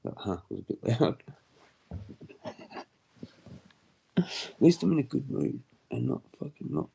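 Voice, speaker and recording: A man's voice: medium pitch, sing-song, measured pace, vocal fry, mellow, husky. A young man chatting on a livestream, crude and slangy, often laughing and putting on mock voices. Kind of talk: rambling casual livestream chat.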